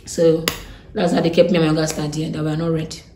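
A young Nigerian woman with a Nigerian accent, telling a story in a blunt, animated way with Pidgin turns of phrase. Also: sits low, rapid-fire, slight background noise. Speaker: vlogger. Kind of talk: casual storytime. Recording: echoey room.

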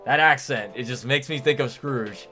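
A man's voice: mid-range voice, moderate pace, over loud music. A man streaming a video game and reacting with casual, joking commentary, sometimes swearing.

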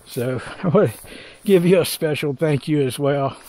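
A man's voice: on the high side, normal speed, dark tone, a little hiss or hum. An older man vlogging outdoors on a hiking trail, talking in a heartfelt, rambling way and trying to hold back tears. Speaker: hiker vlogger. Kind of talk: reflective trail vlog.

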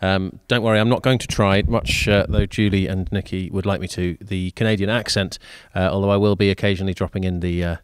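Male storyteller, low voice, measured story reading. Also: clean tone, dry recording, studio quality. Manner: even, measured reading with occasional fillers. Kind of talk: reading a short story aloud.

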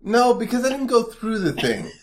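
A man with a Midwestern American accent co-hosting a comedy podcast, talking in a teasing, animated way and constantly cutting in. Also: very high-pitched, moderate pace. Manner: animated, teasing, keeps interrupting. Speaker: podcast co-host. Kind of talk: casual comedic chat.

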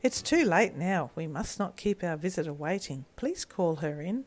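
A patient mother who stays calm and gentle but firm with her daughter, read by a woman telling a storybook. She speaks slowly and kindly, with no anger in her voice. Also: lowish voice, faint music behind.

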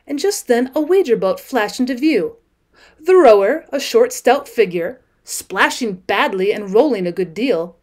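A woman teacher reads a classic children's story aloud, steady and clear. Her voice is somewhat high, and the pacing is even. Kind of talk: audiobook narration of a classic.

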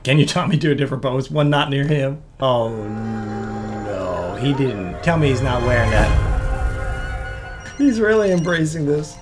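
A movie reaction host with a Newfoundland accent, chatting excitedly through a film and laughing often. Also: mid-range voice, measured pace, music in the background. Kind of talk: casual reaction commentary.

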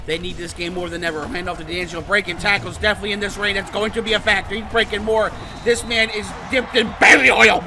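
A man doing excited gameplay commentary for his channel, swinging between muttered play-by-play and outbursts of shouting and cursing. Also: high-pitched, fast talker, hardly any pauses. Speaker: gaming channel host. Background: game music.

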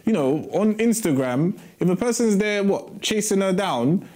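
Mellow man stumbling through his side. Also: high-pitched, lively intonation, measured pace. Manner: hesitant, stumbling restarts, talking over her. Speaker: guest in a couple's dispute. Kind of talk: casual debate.

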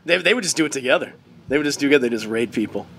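A co-host in a casual pop-culture chat, animated and playful, laughing often. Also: male voice, mid-range voice, very fast, creaky, a little hiss or hum.

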